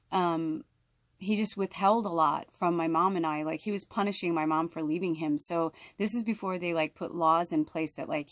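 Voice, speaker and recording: A woman's voice: fairly low pitch, dry recording. Woman spiritual vlogger, casual unfiltered rant full of "like" and "you know", dry mic. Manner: rambling, heavy fillers, frequent swearing. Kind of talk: casual venting to camera.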